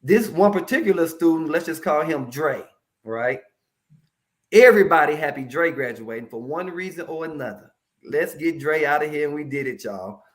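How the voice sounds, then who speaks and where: A man speaking as a mental health professional in a casual interview, telling stories in a lively, colloquial way and addressing the audience directly. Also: fairly high pitch, moderate pace. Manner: animated, colloquial, preachy asides to the audience.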